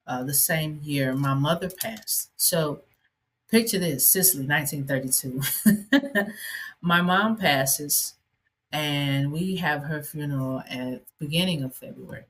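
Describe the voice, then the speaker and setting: A woman's voice: low-pitched, a bit bright, breathy edge. A woman who hosts a podcast and is an ordained minister, telling a personal story in a conversational way, with many fillers and asides.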